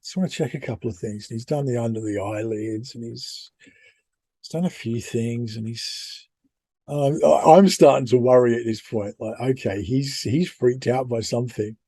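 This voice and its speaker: A middle-aged British man telling a personal story on a podcast. His voice is mellow and a little husky, recorded close and dry. He rambles, restarts and pokes fun at himself. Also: mid-range voice, moderate pace, dry recording. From United Kingdom. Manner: rambling, self-deprecating, many restarts. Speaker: podcast co-host. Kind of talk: casual storytelling.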